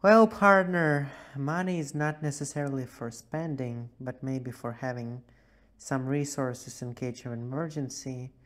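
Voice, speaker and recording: Guy drawling slow like a cowboy in chat voice msgs, jokey. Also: medium pitch, steady tone, darkish tone. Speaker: group chat member. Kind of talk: casual voice messages.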